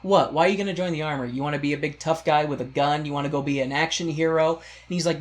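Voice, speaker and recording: A man's voice: a little high, racing, hardly any pauses. A man co-hosting a podcast in casual chat, retelling film scenes and acting out the characters' lines. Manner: animated retelling, acts out quoted lines. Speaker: podcast co-host.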